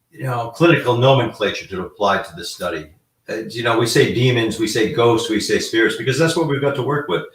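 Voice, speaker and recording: A man's voice: mid-range voice, a bit bright, recorded from a distance. Man explaining from across an echoey room. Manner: rambling explainer, frequent fillers. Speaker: guest demonologist. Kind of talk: casual live-stream talk.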